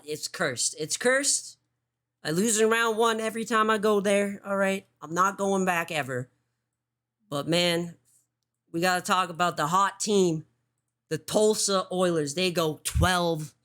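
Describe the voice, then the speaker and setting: A woman's voice: on the low side, measured pace, fairly bright tone. A woman hosting a livestream show, giving casual commentary, swearing often and restarting her sentences.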